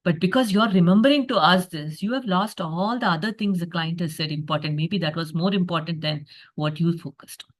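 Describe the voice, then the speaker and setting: A woman's voice: on the low side, a little fast. A woman presenting a reflective coaching masterclass on a video call, talking with frequent fillers and acting out a coach's inner thoughts. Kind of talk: online masterclass talk.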